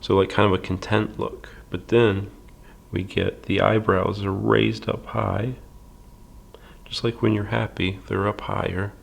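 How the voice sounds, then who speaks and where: A man teaching a library drawing lesson step by step, calm and patient, with many fillers and soft half-whispers while he draws. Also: lowish voice, a little slow, gravelly.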